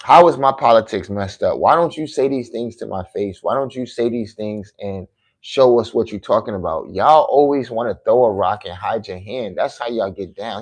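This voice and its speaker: A man's voice: mid-range voice, expressive, moderate pace. A man hosting his own podcast in a combative, boastful live-stream talk, taunting and challenging his critics to debate. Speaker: podcast host.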